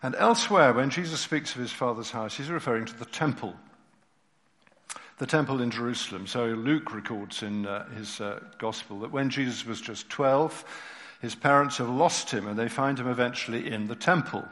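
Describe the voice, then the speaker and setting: A male preacher reading a story and expounding scripture, his medium voice swelling and falling to near hush. The long reverb of a church hall trails every phrase. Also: medium pitch, moderate pace. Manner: expressive, dropping to near-whispers at moving moments. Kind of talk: sermon with read story.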